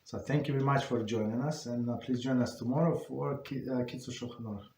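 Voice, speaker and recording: A man telling a story to a religious study class and leading the session, speaking haltingly and often restarting or correcting himself. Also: medium pitch, steady tone, mellow, a little hiss or hum. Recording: roomy echo.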